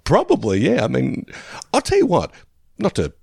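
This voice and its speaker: A man in a casual podcast chat tells his stories with animated, swinging intonation and laughs along at his own jokes. His voice sits mid-range, recorded dry and close. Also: medium pitch, normal speed, vocal fry, breathy edge, no room sound. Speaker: podcast co-host.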